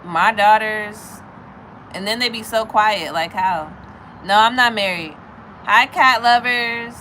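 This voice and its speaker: A woman in her thirties chatting casually with viewers, telling a story in an animated way. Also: a little slow, slight background noise, low-quality recording. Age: 30s. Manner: animated, acts out other people's lines in a high voice.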